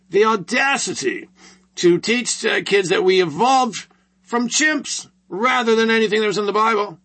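Male host, husky and bright, rambling sarcastic monologue. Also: high voice. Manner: rambling, sarcastic, full of rhetorical questions. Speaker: show host. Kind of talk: opinionated commentary monologue.

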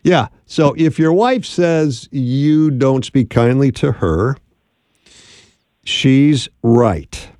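A man's voice: mid-range voice, animated, extremely slow, mellow, dry recording, studio quality. Upbeat encouraging man hosting call-in radio. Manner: upbeat, encouraging, plain-spoken. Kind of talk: call-in advice show.

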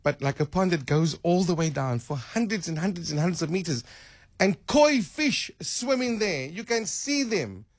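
Host, man, husky voice, musing and repeating words, dry studio. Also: high voice, expressive, normal speed, dry recording. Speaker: radio host. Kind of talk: casual radio chat.

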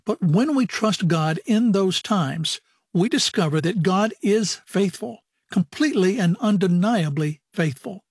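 A man reading a scripted broadcast outro. His voice is husky and fairly high. The sound is dry and close. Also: lively intonation, unhurried, darkish tone, no room sound. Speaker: radio program announcer.

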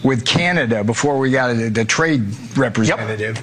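A man's voice: medium pitch, fairly quick, fairly bright tone. A man speaking bluntly and combatively about trade, often repeating himself. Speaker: trade official in archival clip. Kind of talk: interview clip.

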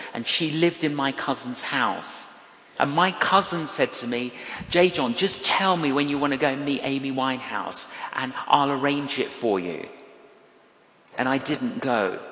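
Slow, deliberate preacher in an echoing hall. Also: male voice, medium pitch, fairly bright tone. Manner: storytelling, wry, emphatic and repetitive. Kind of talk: sermon. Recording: echoey hall with long reverb.

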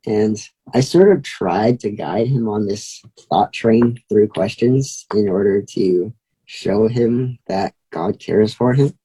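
A man's voice: lowish voice, takes it slowly, dark tone, slightly rough, poor audio. A young man telling a story as a guest, chatty, with many fillers. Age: young adult. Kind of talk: casual storytelling.

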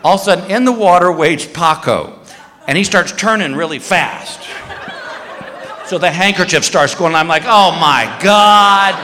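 A male comedian spins a story on stage with a high, bright voice. He is loud and animated, yelping and shouting as he acts out his bits. The sound carries the long reverb of a large hall. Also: measured pace, a little hiss or hum. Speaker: stand-up comedian. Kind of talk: stand-up storytelling. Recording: live show in a hall with reverb.

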